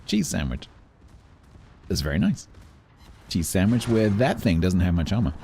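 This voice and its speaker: A man's voice: low-pitched, very animated, moderate pace, gravelly, darkish tone, slight background noise. A British man streaming a game, chatting casually with his viewers in a rambling, dry, self-mocking way. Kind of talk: casual chat while gaming.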